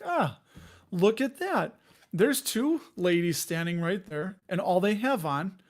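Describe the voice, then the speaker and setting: A man in his forties with a Chicago accent, casually chatting and rambling as host of a live investing stream, joking and answering viewers. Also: sits high. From Chicago area, Illinois. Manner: rambling, jokey, laughs often, reads chat aloud.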